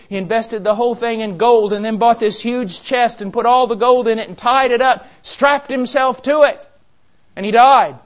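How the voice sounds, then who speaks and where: A man preaching a sermon with passion, building to loud urgent peaks and dropping to quiet, intense warnings. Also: sits high.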